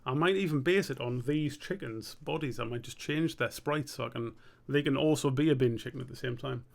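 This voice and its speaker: A man's voice: medium pitch, vocal fry. A young man streaming live as an animator, chatting casually and thinking aloud in a rambling, sweary way.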